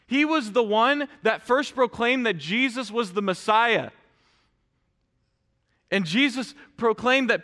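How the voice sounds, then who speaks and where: Heard with a long reverb tail, a male pastor's very high-pitched voice is bright and forceful. He preaches a sermon in the church sanctuary, talking to the congregation with earnest directness and repeatedly restarting his sentences.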